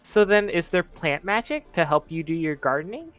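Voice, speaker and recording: A man's voice: on the high side, big pitch swings, normal speed, fairly bright tone, faint music behind. Curious male tabletop player. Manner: curious, questioning. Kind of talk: tabletop role-play.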